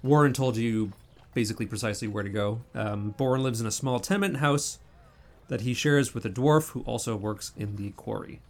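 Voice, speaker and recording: Male GM, young adult, easygoing descriptive narration of a tabletop session, mid-pitched. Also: fairly quick. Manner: relaxed, descriptive narration with fillers. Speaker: game master.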